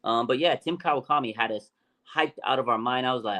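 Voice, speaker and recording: A man hosting a casual sports podcast, talking in an animated, slangy way with many fillers and restarts. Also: medium pitch, fairly quick. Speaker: podcast host.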